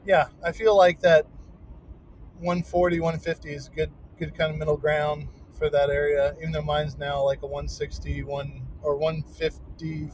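A man's voice: fairly high pitch, level tone, moderate pace, a little hiss or hum. Rambling middle-aged man hosting a podcast. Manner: loose, rambling, with many fillers. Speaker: podcast host. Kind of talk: casual podcast chat.

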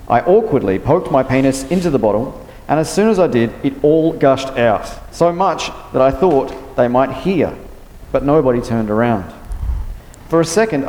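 A man's voice: mid-range voice, a little mellow. Man reading his novel aloud. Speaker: author. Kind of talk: reading from his novel, then interview answers. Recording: reverberant room.

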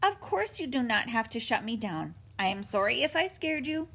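A woman playing a gentle robot mom who talks in neat formal sentences, a bit raised in pitch, lively, breathy voice. she stays even and polite the whole time. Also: normal speed, full character voice. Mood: calm. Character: gentle calm female robot mother.

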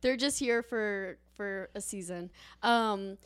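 A woman's voice: mid-range voice, slow, fairly bright tone, smooth, no echo, clean studio sound. A young woman co-hosting a podcast who chats casually, laughs easily and uses many fillers. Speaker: podcast co-host. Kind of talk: casual chat.

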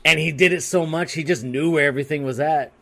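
A man telling a story on a podcast in a crude, rambling and animated way, restarting his sentences often. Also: a little high, fast, vocal fry. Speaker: podcast co-host. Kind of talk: casual comedic storytelling.

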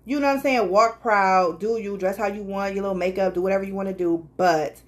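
A woman co-hosting a podcast in casual chat, quick to laugh and emphatic in her reactions, on a studio microphone. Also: mid-range voice. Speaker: podcast co-host.

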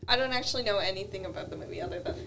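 A woman's voice: mid-range voice, animated, rapid-fire, creaky, fairly bright tone. A woman co-hosting a casual chat, playful and teasing with short replies. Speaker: co-host.

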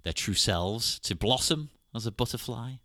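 A man's voice: medium pitch, expressive, moderate pace, bright, forceful tone, no echo, studio quality. A man hosting a podcast, chatting casually and laughing often. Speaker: podcast host. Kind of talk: casual chat.

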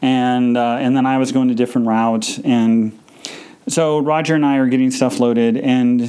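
A man hosting a podcast, telling a personal story in a halting, emotional way, full of fillers and restarts. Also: mid-range voice, fairly even intonation, warm tone, smooth, poor audio. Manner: emotional, subdued. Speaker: podcast host.

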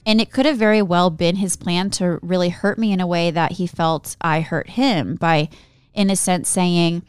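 A woman's voice: lowish voice, fairly even intonation, normal speed, clean tone, dry recording, studio quality. A woman co-hosting a podcast, telling a true-crime story in a casual, chatty way. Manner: giggly, chatty banter between story segments.

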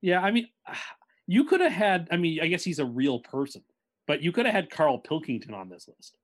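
A man co-hosting a casual podcast who pushes back in a dry, measured way. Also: fairly high pitch, sing-song. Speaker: podcast co-host.

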